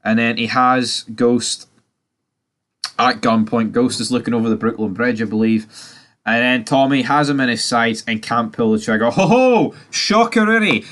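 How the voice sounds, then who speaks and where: A man's voice: mid-range voice, moderate pace, a bit bright. A man giving a casual, profanity-heavy TV recap, opinionated and mocking. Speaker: TV series recapper.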